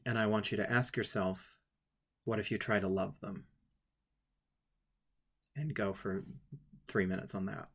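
A man telling a personal story with many halting restarts, tearful at times, then guiding listeners through a writing exercise. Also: lowish voice, steady tone, fairly bright tone, slightly rough. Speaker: writing workshop leader.

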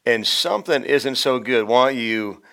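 A man's voice: mid-range voice, animated, normal speed, creaky, fairly bright tone. Male host, affirming, restarts his questions. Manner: affirming, repeats words when starting a question. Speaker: interview host. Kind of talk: interview questions.

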